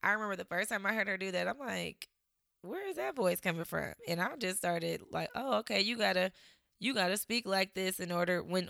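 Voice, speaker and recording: A young woman with a slight Southern drawl speaks straight to her viewers, chatty and reflective, dropping plenty of "like" and "you know." Her voice is fairly low, bright and clean, with a gravelly fry at the ends of phrases. The room is dry and close. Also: no room sound. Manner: chatty, lots of fillers, laughs often. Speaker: vlogger. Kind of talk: casual reflective talk to camera.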